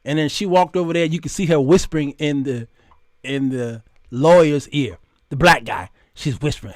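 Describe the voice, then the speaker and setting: An animated man telling a comedic story to his viewers, laughing as he goes. His voice is fairly high for a man. The sound is dry and close, with no room echo. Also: normal speed. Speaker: show host. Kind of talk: comedic commentary.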